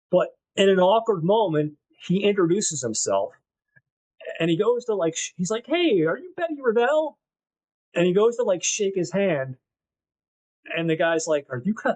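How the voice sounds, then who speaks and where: Animated man retelling a movie. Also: a little high, poor audio. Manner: animated retelling with crude jokes. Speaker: podcast host. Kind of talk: casual movie podcast chat.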